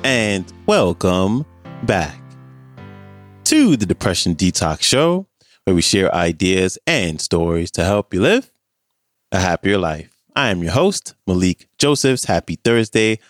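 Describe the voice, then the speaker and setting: A man hosting a podcast, introducing the episode in a slow, measured, expressive way. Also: sits low, dry recording, faint music behind. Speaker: podcast host. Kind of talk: scripted show intro.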